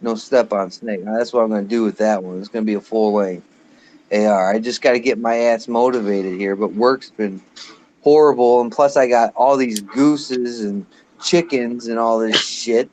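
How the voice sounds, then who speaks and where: A man's voice: fairly low pitch, moderate pace, darkish tone, a little hiss or hum. A man in his late thirties ranting bluntly and swearing in a casual live chat. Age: late 30s. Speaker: guest on a live show.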